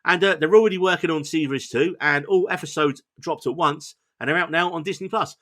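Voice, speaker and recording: An enthusiastic male podcast host with a bright voice, talking through a show he enjoyed in easy, chatty review mode. He is playful and quick to poke fun at himself. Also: fairly high pitch. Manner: enthusiastic, chatty, self-deprecating. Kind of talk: casual review chat.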